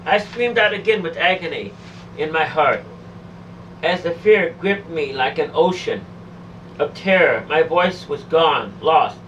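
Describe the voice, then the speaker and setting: A woman's voice: sits low, expressive, measured pace, far from the mic, lo-fi sound, a little hiss or hum. A woman telling a first-person testimony of a near-death experience, pleading, emotional and repetitive.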